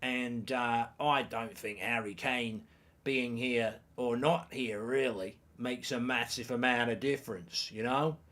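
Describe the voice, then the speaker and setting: A man doing a weak impression of a calm football manager, drawling slowly in an attempted accent. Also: mid-range voice, lightly acted. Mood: laid-back.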